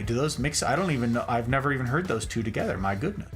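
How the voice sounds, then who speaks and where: A man with a mid-range voice talks briskly with few pauses as soft music plays in the background. Hosting a casual livestream from an indoor room full of plants, he chats animatedly about houseplants and reads viewer comments aloud.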